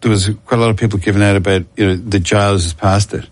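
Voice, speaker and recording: A man's voice: lowish voice, steady tone, rapid-fire, no echo. A middle-aged Irish man telling long rambling stories in casual chat, with lots of restarts and chuckles. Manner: rambling storyteller, many restarts and laughs.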